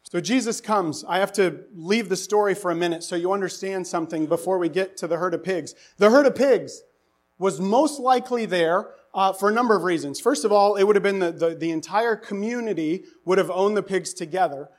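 A man preaching a sermon, animated and asking the congregation rhetorical questions, his voice rising to near-shouts for emphasis. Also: high-pitched, brisk. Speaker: pastor.

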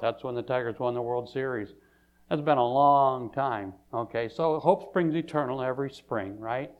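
A man preaching a sermon, swinging from loud declarations to quiet, soft passages and often repeating words as he builds a point. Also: medium pitch. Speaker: pastor.

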